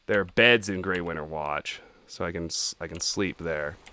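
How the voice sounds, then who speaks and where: A man's voice: low-pitched, moderate pace, bright, forceful tone. A man hosting a let's play, chatting casually as he plays, thinking aloud and swearing offhandedly. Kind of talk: casual gaming commentary.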